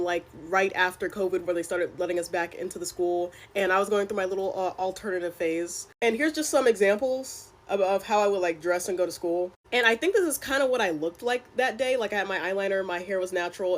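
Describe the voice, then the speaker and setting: A young woman casually telling a personal story, chatty and exasperated, with lots of filler words. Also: lowish voice. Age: young adult.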